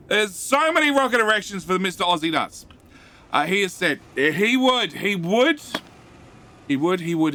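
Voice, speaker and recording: A man hosting a live game stream, chatting with viewers in a jokey, excitable way and often repeating his words. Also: fairly high pitch.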